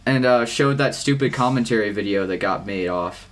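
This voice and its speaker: Rambling teenage guy, low voice. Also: moderate pace. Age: teens. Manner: rambling, swears a lot, many fillers. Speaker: podcast co-host. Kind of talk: casual chat.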